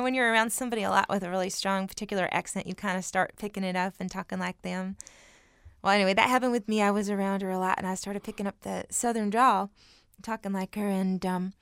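A woman musician on a radio show, telling the story behind her song in a quick, chatty way. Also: mid-range voice, a bit bright, smooth, dry recording, studio quality. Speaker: guest musician. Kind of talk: song introduction.

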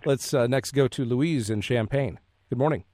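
Male public radio host, mid pitch, steady reads, dry close studio sound. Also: no room sound. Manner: measured, reads numbers slowly.

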